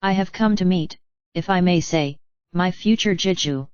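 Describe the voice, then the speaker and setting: A woman's voice: on the low side, moderate pace, darkish tone, clear, resonant tone, no echo, dull audio, lightly acted. A woman reading an audiobook, voicing a casual, offbeat young woman with a couldn't-care-less manner. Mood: breezy.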